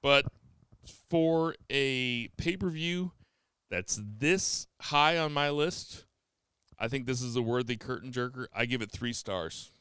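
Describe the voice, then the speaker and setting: A man's voice: medium pitch, slow, bright, forceful tone, clear, resonant tone, no echo, clean studio sound. A man hosting a casual podcast, chatting and joking with his co-hosts. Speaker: podcast host.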